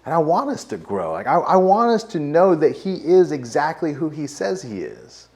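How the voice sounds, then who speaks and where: A man's voice: mid-range voice, big pitch swings, moderate pace, a little mellow. A man with an American accent, a pastor preaching a sermon in a casual, conversational way, with frequent fillers. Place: church sanctuary.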